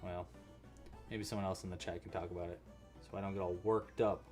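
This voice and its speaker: A man hosts a casual live crochet tutorial, his low, darkish voice fairly even and brisk, with faint music behind. He chats and reacts to the live chat while crocheting, counting stitches under his breath.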